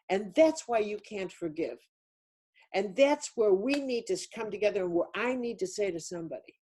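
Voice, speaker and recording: A woman's voice: medium pitch, animated, normal speed, darkish tone, slightly rough. An older woman giving a spiritual teaching talk on a webinar, emphatic and insistent, repeating key words. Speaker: speaker on a webinar.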